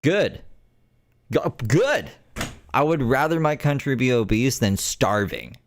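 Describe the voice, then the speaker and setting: A man's voice: medium pitch, big pitch swings, slow pace, a little hiss or hum. Blunt, profane man reacting to clips. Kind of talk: reaction commentary.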